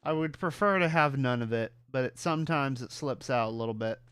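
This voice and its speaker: Clean and echo-free, the medium-pitched voice moves fairly quickly as a man streams himself gaming. Mixing Southern US and New York accents, he swears freely, laughs often and keeps his running commentary casual and animated.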